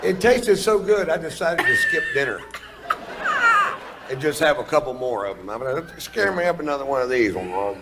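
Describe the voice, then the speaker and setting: A man's voice: fairly high pitch, sing-song, normal speed, heavy background noise. A man telling a long stand-up story in a laid-back, profane, drawling way. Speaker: stand-up comedian. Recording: played stand-up clip.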